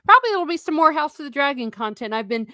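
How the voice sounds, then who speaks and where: A woman's voice: high voice, very animated, very fast, sharp tone, no echo, studio quality. A woman guest with her own channel, chatty and easygoing in casual chat. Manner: chatty, giggly sign-off.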